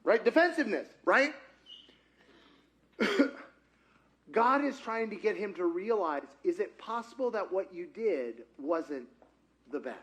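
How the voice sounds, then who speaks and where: A pastor delivers a sermon in a fairly high voice for a man. He talks in a loose, animated way, stopping often to put questions to the congregation. He is speaking in a church. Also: unhurried, long pauses. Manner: asks the congregation frequent questions; conversational and animated. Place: church sanctuary.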